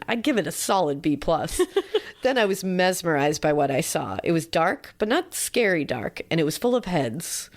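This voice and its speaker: A young adult woman with a slightly low voice reads a listener story on a podcast, breaking off for dry, profane jokes. Her delivery is loose and chatty, and she laughs at her own asides. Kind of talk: casual comedic story reading.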